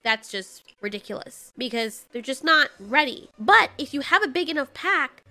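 A woman giving excitable let's play commentary, reacting loudly and swearing when startled. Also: high-pitched. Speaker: gaming channel host.

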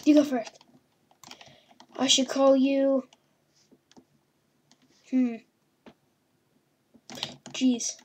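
A woman's voice: sits high, little pitch movement, extremely slow, long pauses, a little mellow, slight background noise. A woman hosting a gaming video, giving playful horror-game commentary and talking to the characters on screen. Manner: chatty, talks to game characters, mild swearing. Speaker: gaming channel host.

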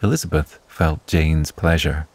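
Man, bedtime story narrator, calm, measured, very low voice. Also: no echo. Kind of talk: soothing bedtime story reading.

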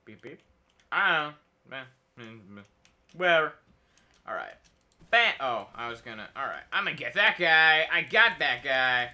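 Bright-voiced goofy male streamer. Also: mid-range voice, animated, normal speed, pauses often. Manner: silly, rambling, talks to himself and enemies, nonsense noises. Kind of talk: casual gameplay commentary.

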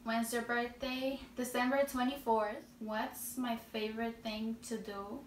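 Slow, giggly young woman with a Spanish accent. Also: a little high, steady tone. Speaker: vlogger answering questions. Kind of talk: casual Q&A chat. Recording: roomy echo, distant mic, faint noise.

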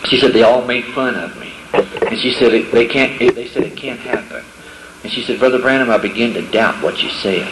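A man's voice: mid-range voice, brisk, heavy background noise. A middle-aged man giving a folksy testimony to young people, acting out the voices of the people in his stories. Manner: storytelling, acts out quoted voices, folksy grammar. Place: camp meeting hall. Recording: echoey hall with faint ambience.

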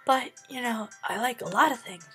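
A man's voice: extremely high pitch, moderate pace, pushed and bright, soft background music, pitched above the performer's own voice. A man doing a bubbly, reassuring schoolgirl. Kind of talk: voiced game playthrough.

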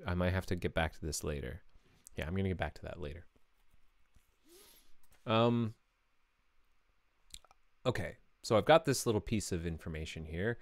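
A man talking through code on a live stream, explaining step by step in a casual way and correcting himself as he goes, into a mic with a pop filter. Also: fairly low pitch. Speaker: programmer streaming his work. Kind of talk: live coding stream, thinking aloud. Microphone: studio mic with pop filter.

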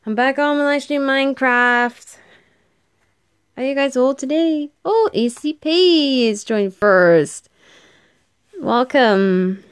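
A woman's voice: sits high, slow pace, pauses often, clear, resonant tone, dry recording, clean studio sound. A young woman live streaming a game, chatting casually with viewers, tired and yawning as she talks. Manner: chatty, greets viewers, yawns and laughs often.

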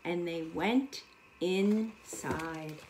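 A woman preschool teacher reading a storybook aloud to young children, animated and asking the children questions as she goes. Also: on the low side, extremely slow, noisy background. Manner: animated, addresses the children directly.

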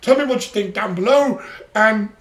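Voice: mid-range voice, normal speed, a bit bright. Host voice: rambling solo reviewer joking in a mock cockney voice, set back from the mic in an echoey room. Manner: rambling, toys with a put-on British cockney voice. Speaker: anime review channel host. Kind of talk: casual solo episode review. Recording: roomy echo, distant from the mic.

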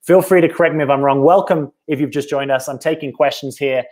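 A man's voice: fairly high pitch, fast talker, darkish tone. A British man, a dating coach, talking casually on a live stream, answering viewer questions in a reflective way and often adding "right?". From Britain.

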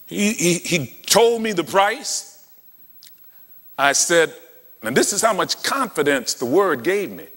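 Male preacher, animated storyteller who acts out dialogue, bright voice, long hall reverb. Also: sits high, slow pace, pauses often. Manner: dramatic storytelling, acting out dialogue. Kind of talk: sermon.

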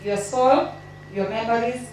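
A woman reads tributes at a memorial gathering, halting and tearful. Her voice is slow and mellow. It is heard from a distance in a very echoey hall with faint background noise. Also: on the high side. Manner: emotional, halting delivery. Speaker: family member giving a eulogy. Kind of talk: reading tributes at a memorial service.

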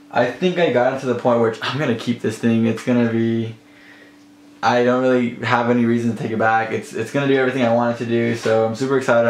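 A young man casually narrating his day to a handheld camera in a loose, rambling way, his throat a little rough. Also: medium pitch, reverberant, slight background noise. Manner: rambling, easygoing, self-talk to camera. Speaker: vlogger. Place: car, then at home indoors.

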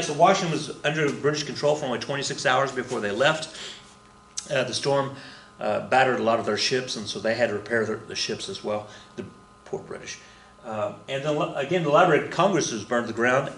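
A man's voice: mid-range voice, fairly bright tone, slight background noise. Rambling male teacher, echoey room. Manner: rambling, conversational, many fillers and restarts. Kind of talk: casual history lecture.

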